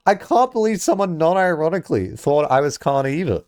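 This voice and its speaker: A man chatting casually on a live stream, rambling and laughing often, jumping up high when excited, on a headset mic. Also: fairly quick, few pauses, no room sound, studio quality.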